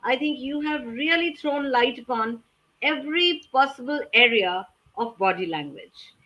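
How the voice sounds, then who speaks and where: A woman's voice: high voice, lively intonation, unhurried, sharp tone, dull audio. A woman from India hosting a live online session, thanking her guest graciously. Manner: gracious, appreciative. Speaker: session host.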